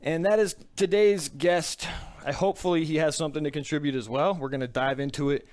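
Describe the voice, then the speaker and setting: A man's voice: a little high, fairly even intonation, a little fast, a little mellow. A man hosting a live video podcast, out of breath and frazzled, chatting casually and swearing now and then. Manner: frazzled, swearing, talks to chat. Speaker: podcast host. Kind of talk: casual live-stream chat.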